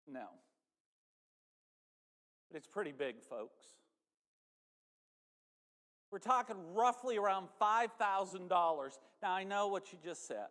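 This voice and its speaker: A man's voice: high voice, expressive, slow pace, pauses often, fairly bright tone. A man preaching a sermon in a church, conversational and folksy, speaking straight to the congregation. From northern United States. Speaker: pastor. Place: church sanctuary. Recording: church hall reverb.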